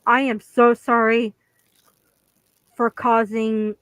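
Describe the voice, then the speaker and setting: A woman with a somewhat high voice talks very slowly, breaking off and restarting her sentences. Her apology comes across as hesitant and halting. The recording is dry, with no room sound. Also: level tone, smooth, no echo, low-quality recording. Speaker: vlogger. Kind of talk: apology video.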